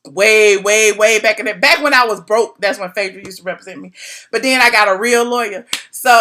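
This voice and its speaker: A woman's voice: mid-range voice, normal speed, bright, forceful tone. A woman blogger spilling gossip in a casual live stream, talking animatedly with slangy asides into her phone camera.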